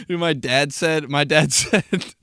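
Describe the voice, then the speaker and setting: A man's voice: fairly high pitch, bright, forceful tone, dry recording, studio quality. A young man hosting a casual solo podcast, rambling through profane stories and laughing at his own jokes. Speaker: podcast host.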